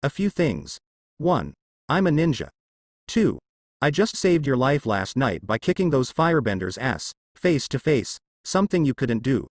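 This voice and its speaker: A man's voice: mid-range voice, sing-song, unhurried, no room sound, clean studio sound. A man reading a story aloud and voicing a brash, cocky teenage ninja who talks bluntly and teases.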